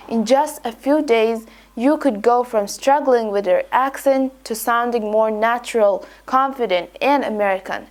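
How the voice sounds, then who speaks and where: Woman, accent coach, scripted lesson, fairly high voice, upbeat delivery. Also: a little mellow.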